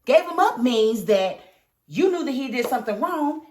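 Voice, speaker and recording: Animated woman reviewing a TV episode. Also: sits high, moderate pace, echoey room. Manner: animated, emphatic, scolding the characters. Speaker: TV show reviewer. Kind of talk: casual commentary review.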